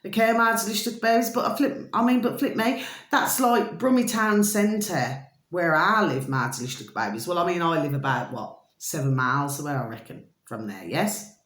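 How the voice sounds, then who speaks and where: Speaking to camera in a Birmingham accent, a female vlogger chats casually with her viewers, rambling along with plenty of fillers and pet names. Her voice is fairly low and fairly bright, delivered at normal speed. The sound is roomy.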